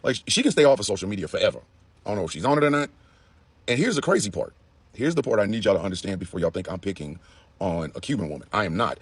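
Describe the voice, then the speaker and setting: A man giving casual, profane commentary in an animated way, with laughing asides. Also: lowish voice, fast talker, husky, dry recording.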